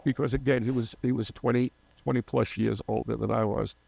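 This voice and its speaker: A man's voice: mid-range voice, fairly even intonation, brisk, vocal fry, a little mellow, husky, dry recording. An older man, a photographer guest, telling long rambling anecdotes in an interview, often losing names and restarting.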